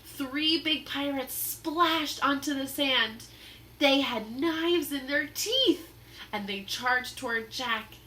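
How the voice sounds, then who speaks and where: A woman reading a children's book aloud in an expressive, dramatic storytelling manner. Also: high voice, slow, a little hiss or hum. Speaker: storybook reader.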